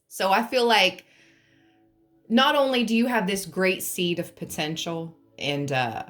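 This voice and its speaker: A woman gives a pick-a-card tarot reading in a playful, joking way, laughing to lighten things and now and then breaking into humming and song. Her mid-range voice is fairly bright and measured in pace, with soft music playing behind her.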